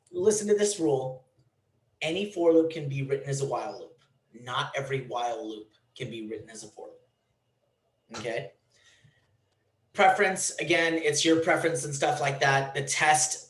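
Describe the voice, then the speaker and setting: A man's voice: fairly high pitch, fairly bright tone, reverberant, low-quality recording. A man teaching a programming class, blunt and teasing, in a classroom. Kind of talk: classroom lecture.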